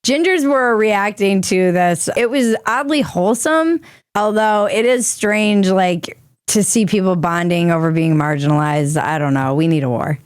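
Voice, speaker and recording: A woman's voice: medium pitch, moderate pace, clean tone, no room sound. Woman host, comedic news talk, irreverent, crude jokes, dry close sound.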